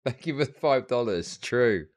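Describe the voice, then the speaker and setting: A man's voice: medium pitch, lively intonation, moderate pace. Male reaction streamer, sarcastic and dismissive commentary.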